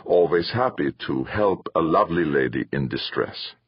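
A smug, leering spaceship captain talks in a smooth, falsely friendly way, as a male narrator plays him. The voice is husky and swings widely in pitch. The audiobook recording is dull and dry. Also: lively intonation, moderate pace, no room sound, heavily acted.

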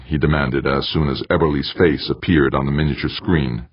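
A man narrating an audiobook in a steady, measured reading. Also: extremely low pitch, husky, no echo. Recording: dull, muffled dry recording.

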